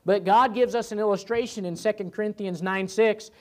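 A man, a pastor, teaching a church Bible study in a loose, conversational way, with many fillers and restarts and lively acted asides. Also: high voice, brisk. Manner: animated, voices God and himself in asides.

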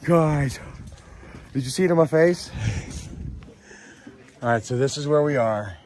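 A man's voice: fairly high pitch, measured pace, a little mellow. A man vlogging on a mountain lookout, nervous and full of anxious exclamations. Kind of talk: casual vlog narration. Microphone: handheld camera. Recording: outdoor camera audio with background noise.

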